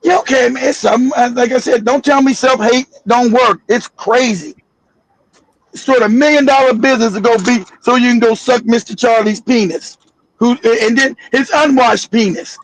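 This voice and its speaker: A man's voice: very high voice, normal speed, dry recording, rough recording. A man hosting a casual livestream, talking bluntly and emphatically, often repeating himself. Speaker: livestream host.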